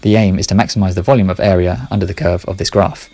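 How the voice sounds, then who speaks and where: A low, gravelly man with a husky edge, talking fast through a casual solo monologue. He rambles, corrects himself mid-sentence and mutters quiet asides. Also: dry recording.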